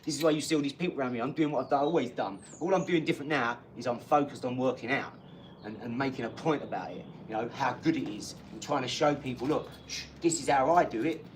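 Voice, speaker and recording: A man's voice: medium pitch, fast talker, a little hiss or hum. A man, chatting bluntly on a livestream and answering viewers' comments, swearing and often laughing as he talks. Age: 40s. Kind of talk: casual livestream chat.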